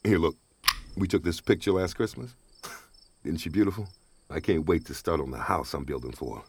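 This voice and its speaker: A man's voice: low voice, normal speed, background noise. An actor playing a down-on-his-luck divorced father, talkative and wisecracking, often laughing. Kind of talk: radio drama acting.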